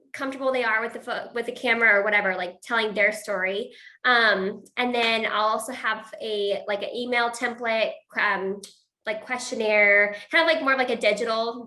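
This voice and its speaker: A bright-voiced woman chats casually as a guest, giggling often and scattering "like" through her sentences. Her voice rings in a roomy, echoey space, pitched a little high. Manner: chatty, laughs often, many filler "like"s. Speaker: guest photographer. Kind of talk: casual chat.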